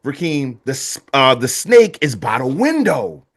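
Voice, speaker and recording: Animated man telling a folktale. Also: mid-range voice, unhurried, husky. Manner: animated, slangy, laughs while telling. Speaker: guest storyteller on a history podcast. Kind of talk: casual storytelling.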